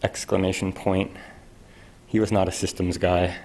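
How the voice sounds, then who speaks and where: Low-voiced guy reading his poems at a campus event, dry wry ironic delivery. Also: little pitch movement, moderate pace, darkish tone, slight background noise. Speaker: poet. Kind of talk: poetry reading. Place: university event hall.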